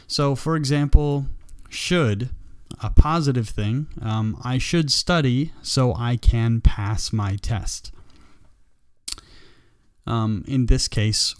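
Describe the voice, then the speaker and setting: A man teaching a live English grammar lesson, patient and slow, repeating example sentences for learners. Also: medium pitch, a little mellow, smooth, dry recording, studio quality. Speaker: ESL teacher.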